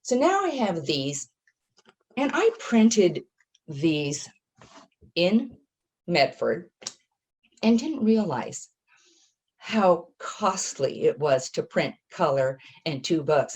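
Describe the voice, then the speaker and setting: A woman's voice: fairly low pitch, big pitch swings, takes it slowly, pauses often, darkish tone. A woman author chatting casually and animatedly about how she made her book, with self-deprecating asides. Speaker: author giving a talk. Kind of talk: casual storytelling talk.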